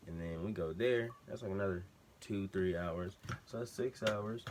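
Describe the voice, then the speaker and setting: A man's voice: low voice, moderate pace, darkish tone, slight background noise. A man vlogger telling a story casually at home, slangy and rambling, with many side digressions. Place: room at home with a TV on behind.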